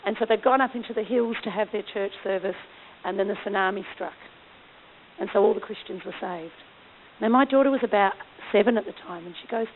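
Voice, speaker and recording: A woman speaking at a mission conference, telling lively, self-deprecating stories. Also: mid-range voice, fairly quick. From Australia. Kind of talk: storytelling talk. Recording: tinny phone-like lo-fi recording with faint hiss.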